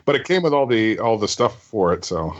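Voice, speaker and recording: A man's voice: on the low side, big pitch swings, brisk, muffled recording. A man co-hosting a casual podcast, rambling and unsure of his words. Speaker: podcast co-host.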